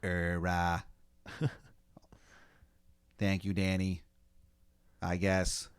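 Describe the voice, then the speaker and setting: A man voicing suspicious colonial Boston men in a deliberately bad fake Boston accent, opening lines with a hesitant "er, uh" and drawing the words out slowly. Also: low voice, monotone, clean tone, pitched below the performer's own voice, full character voice. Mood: gruff, suspicious. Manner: hesitant "er, uh" openings, slow drawl. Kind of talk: improvised comedy podcast bit.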